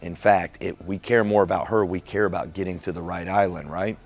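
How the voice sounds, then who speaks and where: A man giving a casual motivational talk on relationships, acting out little dialogues and softening his tone for the caring lines. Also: deep voice, brisk, vocal fry. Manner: animated storyteller acting out quoted dialogue.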